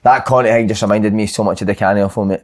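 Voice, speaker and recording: Fast-talking scottish ex-footballer. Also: male voice, lowish voice. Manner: animated storyteller, swears freely. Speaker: podcast host and former footballer. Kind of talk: casual football podcast chat.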